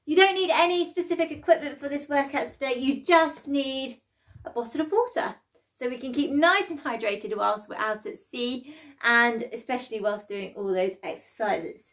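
A woman's voice: high voice, moderate pace, fairly bright tone. A young woman leading a children's workout, upbeat and encouraging as she counts down the exercises. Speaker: workout instructor. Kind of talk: children's exercise class instruction. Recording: light background music.

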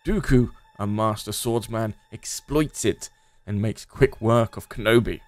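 A man's voice: fairly low pitch, unhurried, no echo. A man hosting a gaming video, reading a text game aloud with sardonic, laughing commentary. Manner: sardonic, laughing at the absurd story.

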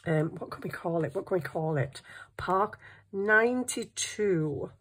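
Crafting at her desk at home, a middle-aged woman vlogger rambles, jokes at her own expense, and talks to herself as she works. Her voice is fairly low and her pace measured, in a chatty crafting vlog.

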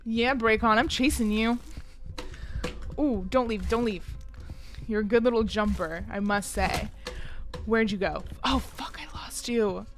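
A woman streaming a game, talking excitedly, gasping, shrieking and swearing, and dropping to whispers while she hides. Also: fairly high pitch, a little slow, pauses often, music in the background. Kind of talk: excitable gaming stream commentary.

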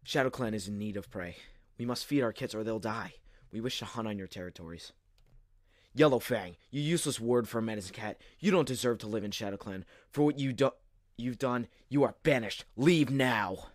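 A man's voice: on the low side, brisk, a bit bright, no room sound, lightly acted. A man voicing a cruel, gloating male cat who leads his clan, in a dry close recording for an audition. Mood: demanding. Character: cocky villainous male cat clan leader.

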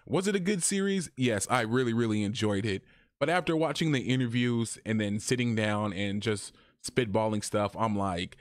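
A man talking casually in a review vlog, chatty and animated, his voice jumping higher when he quotes people. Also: normal speed, no echo, studio quality. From Arizona, USA. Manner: chatty, animated, often rises in pitch when quoting. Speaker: YouTube reviewer.

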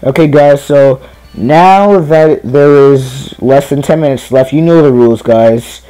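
A man's voice: medium pitch, a little slow, mellow, soft background music. A young man giving casual commentary while streaming a kart race, chatty and self-deprecating as he talks to viewers.

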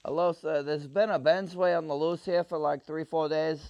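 A man making a prank phone call, ranting in a profane, irritated way with loud outbursts. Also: on the high side, steady tone, normal speed, gravelly. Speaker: prank caller.

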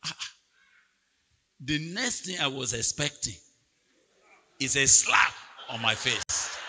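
A man preaching a sermon at a retreat, telling a story with big swings between quiet asides and loud, near-shouted peaks. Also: mid-range voice, animated, takes it slowly, long pauses, husky. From Nigeria. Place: large hall at a retreat. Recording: long hall reverb from a church PA.

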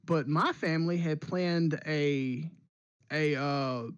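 A man hosting a podcast, telling a school story in an animated, casual way and restarting his sentences as he goes. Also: on the high side, slow, smooth, no room sound, dull audio. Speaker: podcast host.

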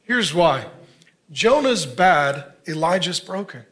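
A man in his fifties preaching a sermon as a pastor, conversational, dropping to a near hush for emphasis. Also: on the high side, big pitch swings, slow. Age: 50s.

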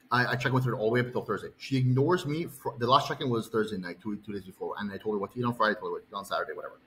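A man's voice: mid-range voice, fairly bright tone, slight background noise, low-quality recording. A male bodybuilding coach telling an angry personal story, heated, profane and rambling.

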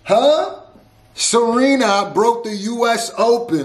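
A man's voice: very high voice, lively intonation, slow, reverberant. A man hosting a reaction video, talking casually and repeating lines back to himself as he thinks them over.

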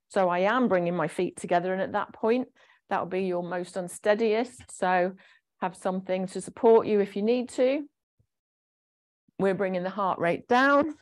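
A woman leading a gentle exercise class, chatty and encouraging as she explains each movement. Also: medium pitch. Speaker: fitness instructor.

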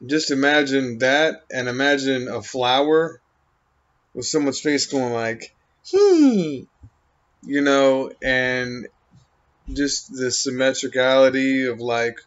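Man, unhurried, drifting monologue thick with fillers; mid pitch; dull lo-fi sound. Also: little pitch movement, fairly bright tone. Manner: halting, meandering, full of "you know" and "um". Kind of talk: rambling stream-of-consciousness monologue. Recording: dull lo-fi recording.

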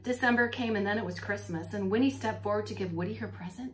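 A preschool teacher, a woman, reading a story aloud to young children, expressive and talking to them directly. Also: on the low side, brisk. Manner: animated and expressive, talks to children.

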